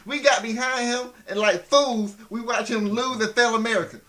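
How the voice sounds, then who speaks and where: A man's voice: extremely high pitch, steady tone, moderate pace, over a noisy crowd. A man co-hosting a casual wrestling talk show, arguing his points emphatically. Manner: emphatic, argumentative. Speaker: podcast co-host. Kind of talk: casual chat.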